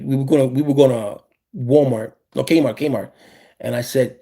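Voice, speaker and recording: Gravelly, husky man sharing opinions. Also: medium pitch, brisk. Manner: animated, repeats and restarts phrases. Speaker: podcast host. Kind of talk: casual opinionated chat.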